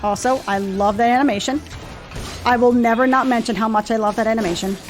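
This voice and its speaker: A woman's voice: a little high, fast. Tired, chatty woman gamer. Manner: chatty, swears a lot, says she is tired. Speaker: gameplay streamer. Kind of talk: casual let's play commentary.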